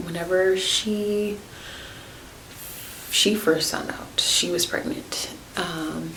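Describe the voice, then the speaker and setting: A young woman with a slightly low voice chats through a story, full of "like" and "um" and quick laughs. She sounds like she is in a roomy space, with a faint hiss under the recording. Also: steady tone, fairly bright tone. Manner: chatty, filler-heavy, laughs often. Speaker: naturopathic podcast host. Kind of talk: casual storytelling monologue.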